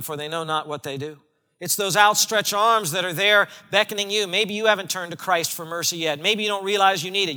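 Male pastor, high bright voice, emphatic sermon delivery, long hall reverb. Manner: emphatic preaching, shifting between loud and hushed.

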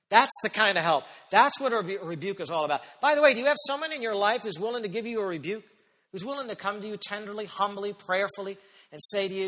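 A man preaching a sermon as pastor, emphatic, slowing down and stretching key phrases. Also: sits high, bright, forceful tone. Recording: long hall reverb.

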